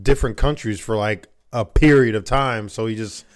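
A man's voice: lowish voice, normal speed, clean tone. A man co-hosting a podcast, teasing and joking in casual chat. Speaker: podcast co-host.

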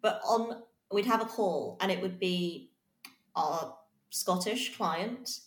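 Co-host: English woman, animated storyteller, roomy echoey sound. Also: medium pitch, slow pace. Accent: neutral southern English. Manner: lively, animated storytelling, frequent laughter. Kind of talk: casual chat.

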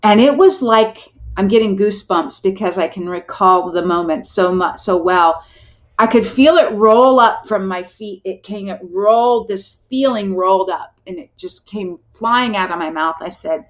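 A woman's voice: medium pitch, measured pace, lo-fi sound. A middle-aged woman telling a personal story as a podcast guest, earnest and heartfelt, often restarting her sentences.

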